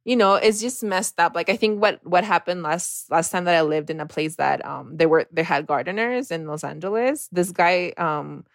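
A woman in casual conversation, expressive and soft-spoken at times, rising high when quoting herself. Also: normal speed, creaky, hardly any pauses, no room sound, clean studio sound.

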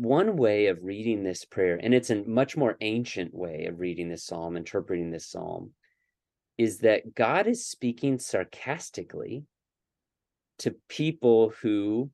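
Low-voiced man thinking aloud. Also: a little mellow, dry recording, studio quality. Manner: earnest, thinking aloud with many fillers and restarts. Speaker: podcast co-host. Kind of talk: casual scripture discussion.

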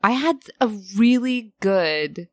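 A woman from the United States co-hosting a podcast in casual chat, expressive and animated. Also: a little high, takes it slowly, dry recording, studio quality. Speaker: podcast co-host.

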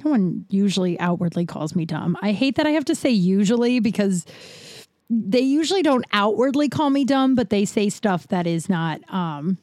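Woman, 30s, solo podcast host; warm, mellow tone, dry close sound, loose confessional rambling. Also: medium pitch, animated, moderate pace, no room sound. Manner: rambling and confessional, with many fillers and "right?". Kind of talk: casual solo podcast monologue.

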